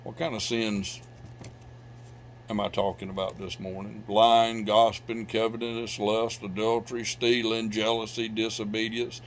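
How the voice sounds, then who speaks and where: Middle-aged pastor, low-pitched, preaching with loud swells and hushed drops, faint hum under it. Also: male voice, level tone, normal speed. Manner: preaching with loud bursts of emphasis and sudden drops to quiet. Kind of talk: sermon. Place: church sanctuary.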